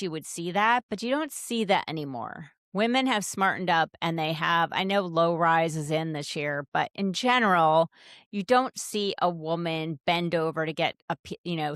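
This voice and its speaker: A woman's voice: sits low, a bit bright, no room sound, studio quality. A woman podcast host telling a casual, wry, self-deprecating story in a chatty monologue.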